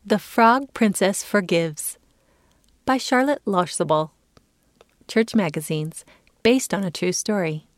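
A woman giving a calm, clear reading as the narrator of a children's story. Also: medium pitch, slow pace, pauses often, no echo, clean studio sound.

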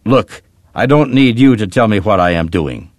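A man playing a gruff, grieving father. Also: lowish voice, animated, normal speed, no echo, studio quality, natural voice. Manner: curt, gruff, softening to quiet.

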